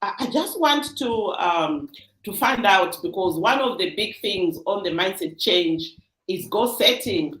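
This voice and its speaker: Female coach host, low-pitched and encouraging, echoey room. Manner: encouraging, asks questions, affirms the guest. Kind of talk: livestream interview. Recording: roomy echo.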